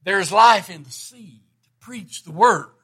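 A man's voice: high voice, unhurried, a bit bright, slightly rough. A middle-aged man preaching a sermon, folksy and plainspoken, rising to emphatic bursts.

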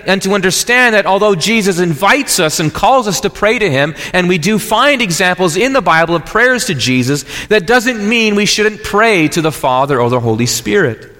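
A man's voice: sits high, big pitch swings, moderate pace, sharp tone, in a large hall. A man preaching a sermon as pastor, earnest and explanatory, often restarting phrases.

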